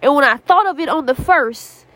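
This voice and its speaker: A woman's voice: high-pitched, lively intonation, moderate pace, fairly bright tone, no echo. A woman hosting a podcast, praying and exhorting fervently from her prayer closet, repeating herself as she pleads. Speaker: podcast host. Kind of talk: impassioned spoken prayer and exhortation.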